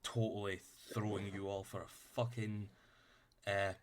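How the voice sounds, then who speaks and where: A man's voice: lowish voice, level tone, a little slow. A man running a tabletop game as game master, narrating loosely with lots of fillers and casual swearing.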